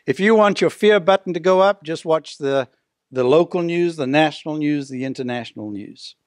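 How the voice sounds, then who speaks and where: An older man preaching a sermon as pastor, stretching out key words and dropping to a hush at the ends of phrases. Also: on the high side, lively intonation, normal speed, dry recording, studio quality.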